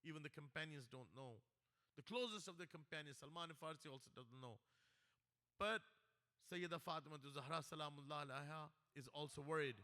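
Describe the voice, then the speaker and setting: A man's voice: on the high side, a little fast, bright, forceful tone. A man giving a sermon, telling stories and rising to emphatic pleas. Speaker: religious speaker. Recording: long hall reverb.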